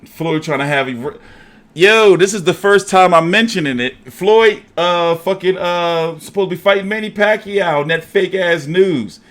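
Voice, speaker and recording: A man hosting a casual boxing show, talking in an animated, profane, jokey way. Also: high-pitched, moderate pace.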